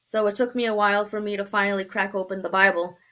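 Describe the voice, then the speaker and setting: A young woman from Brooklyn, telling her conversion story as a guest, animated and laughing often. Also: medium pitch, quick pace. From Brooklyn, New York. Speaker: guest sharing testimony. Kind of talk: personal testimony in a talk show.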